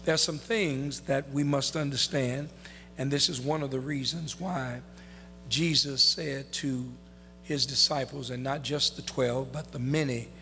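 A man preaching a sermon as pastor, reading scripture in a slow, drawn-out way. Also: medium pitch, fairly even intonation, sharp tone, faint music behind. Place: church sanctuary. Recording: reverberant hall.

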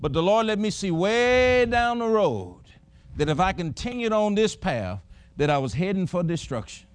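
A man's voice: sits high, big pitch swings, moderate pace, smooth, no echo. A middle-aged man preaching a sermon, folksy and emphatic, chuckling as he tells personal stories.

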